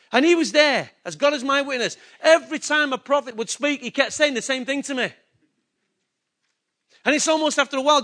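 A man's voice: extremely high pitch, pushed and bright. A man preaching a sermon, emphatic and repetitive, asking the congregation rhetorical questions. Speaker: pastor.

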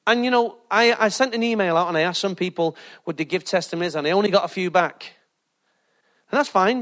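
A man, a pastor preaching a lively sermon full of funny anecdotes and laughter. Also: sits high. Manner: jokey, animated storytelling with laughter.

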